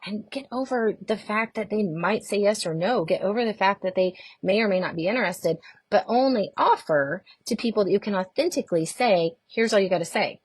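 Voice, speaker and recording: Middle-aged woman coach live-streaming, lowish voice, super chatty, dry close mic. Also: slightly rough, no echo. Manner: chatty and animated, greets viewers by name. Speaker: network marketing coach.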